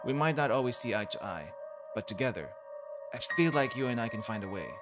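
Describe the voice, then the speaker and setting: Earnest young detective read by a man, mid-pitched and steady, music behind. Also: brisk.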